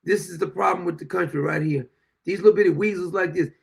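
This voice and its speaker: A man's voice: sits high, quick pace, gravelly. A man in his sixties hosting a political commentary show, ranting and mocking his targets with frequent laughter. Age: 60s.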